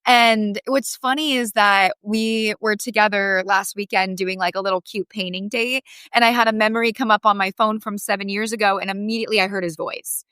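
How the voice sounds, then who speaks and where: A woman's voice: mid-range voice, a little fast, hardly any pauses, clean tone, dry recording. Young woman telling a heartfelt story. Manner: heartfelt, animated, lots of "like". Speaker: podcast guest. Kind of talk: emotional personal storytelling.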